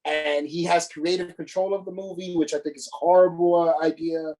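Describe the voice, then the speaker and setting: A man's voice: on the high side, fairly even intonation, a little fast, darkish tone, rough recording. A man co-hosting a podcast, ranting in casual chat with plenty of profanity and exasperation. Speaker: podcast co-host.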